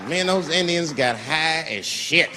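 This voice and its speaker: A male comedian with a fairly high, lively voice swaggers through a profane routine. It swings from loud bursts to near-whispers. His voice fills a large venue with a long echo over clearly audible crowd noise. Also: a little slow. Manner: profane, swaggering, jumps between loud and quiet. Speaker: stand-up comedian. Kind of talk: stand-up comedy storytelling. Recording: live stage with long reverb and audience noise.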